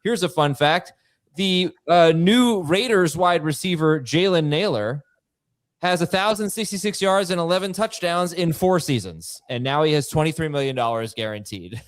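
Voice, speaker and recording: A man hosting a fantasy football talk show, energetic and excitable as he rattles off news headlines. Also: a little high, normal speed, no echo, studio quality. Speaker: host. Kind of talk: studio sports talk show.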